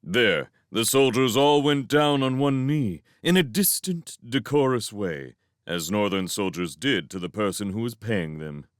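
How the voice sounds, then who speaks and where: A man narrating a novel in a slow, unhurried way, his low voice rising and falling with lively expression. The reading is dry and close with no room sound. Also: no echo. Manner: expressive storytelling. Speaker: reader of a novel. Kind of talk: fan audiobook narration.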